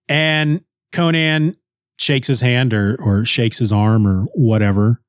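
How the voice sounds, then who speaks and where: A man's voice: medium pitch, steady tone, takes it slowly, no room sound, clean studio sound. A man recapping a comic book in casual, wry talk, often stumbling over and repeating words.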